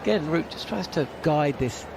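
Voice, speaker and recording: A man's voice: on the high side, animated, moderate pace, vocal fry, very noisy. A man giving live ball-by-ball radio cricket commentary, chatty and wry.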